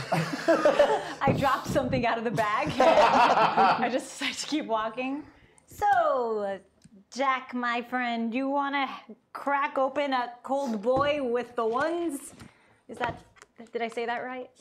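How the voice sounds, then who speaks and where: A woman's voice: sits high, takes it slowly, background noise. A woman playing a tabletop game in character, giggly and playful. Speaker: player. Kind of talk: in-character role-play.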